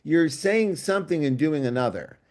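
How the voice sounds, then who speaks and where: A man, a writer and guest on a book club show, talking over a video call in a casual discussion, enthusiastic and thinking out loud in long digressions. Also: fairly high pitch, lively intonation, normal speed.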